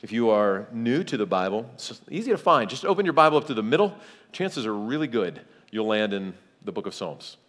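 A man's voice: lowish voice, big pitch swings, brisk, a bit bright. A man in his forties from Kentucky, a guest preacher giving a sermon with friendly, joking asides to the congregation. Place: large church hall. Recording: long church hall reverb.

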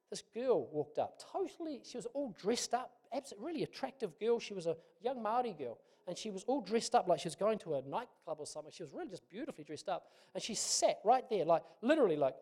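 A man's voice: high voice, warm tone. A middle-aged man, preaching as a pastor and telling a personal story in a conversational, self-deprecating way.

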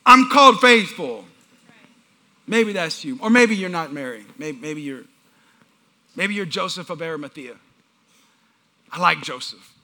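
A man's voice: fairly high pitch, normal speed, long pauses. A man preaching a sermon with humor, telling family stories and talking directly with the congregation. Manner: animated, acts out family scenes; talks with the congregation. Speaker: pastor.

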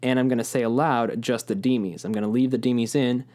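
A man's voice: mid-range voice, fairly even intonation, fast talker, darkish tone. A man teaching a music lesson, patiently explaining rhythms and chanting rhythm syllables aloud.

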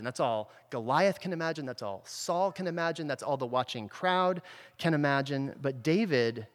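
A man preaching a conversational sermon, retelling a story in a casual way and often checking in with the listeners. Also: mid-range voice. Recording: long reverb from a large hall.

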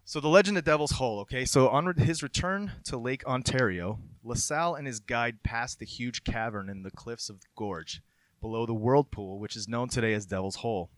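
A man's voice: medium pitch, fairly quick, no echo. A man hosting a casual chat, telling a local legend in a loose conversational way and reading passages aloud.

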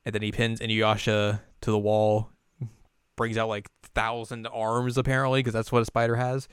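A man's voice: on the low side, monotone, normal speed, clean tone, no room sound, studio quality. A young man co-hosting a podcast, retelling an episode in a chatty, jokey way. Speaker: podcast co-host. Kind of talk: casual episode recap.

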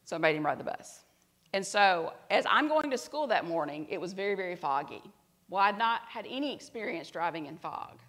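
Brief middle-aged woman preacher, earnest storyteller, goes soft and hushed at tender moments. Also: on the low side, animated, brisk. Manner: earnest storytelling, drops to soft quiet tones at emotional parts. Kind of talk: sermon with personal story.

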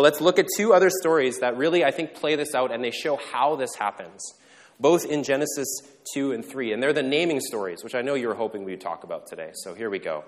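A male pastor delivers his sermon in an easygoing, conversational way, breaking off for jokes and quick questions to the room. His voice sits at an ordinary middle pitch. It carries a long reverb, as if it were recorded in a large church sanctuary. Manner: casual and joking, with quick asides and questions to the congregation.

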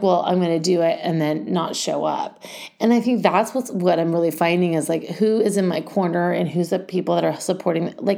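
Gravelly, mellow-voiced woman talking from the heart. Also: on the low side. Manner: rambling, heartfelt, many fillers. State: getting emotional. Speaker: school founder and podcast host. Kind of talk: emotional personal monologue.

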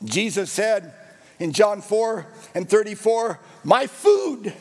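A man's voice: high voice, lively intonation, slow pace, in a large hall. A man preaching a sermon as pastor, with an emphatic, repetitive cadence.

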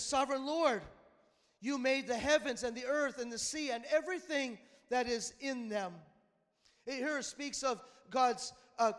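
Man, pastor, sermon, very high pitch, booming then hushed delivery. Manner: preaching with surges of loud emphasis and quiet drops. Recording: long hall reverb.

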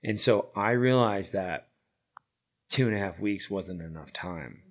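Deep-voiced middle-aged man telling a story. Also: a little slow. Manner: rambling, filler-heavy, loudness swings from lively to hushed. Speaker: interview guest, founder of a veterans' horse program. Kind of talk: casual storytelling.

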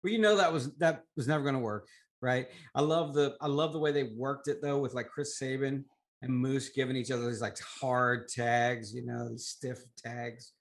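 A man's voice: medium pitch, fairly even intonation, normal speed. A man co-hosting a wrestling podcast, talking in a casual and chatty way. He gives his opinions freely and jumps from one point to the next. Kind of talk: casual chat about wrestling.

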